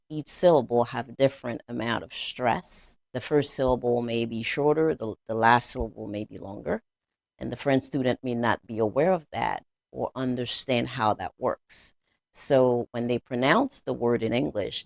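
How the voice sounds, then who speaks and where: Man teacher, gravelly, dry close voice-over, plain repetitive explainer. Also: mid-range voice, dry recording. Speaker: language teacher. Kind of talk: explanatory lesson narration.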